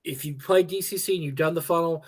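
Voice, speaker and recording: A man co-hosts a casual gaming stream, his voice sitting somewhat high. He rambles and chuckles, and slips into little voices to act out the players he quotes. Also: fast talker. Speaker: co-host of a gaming talk stream. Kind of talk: casual chat.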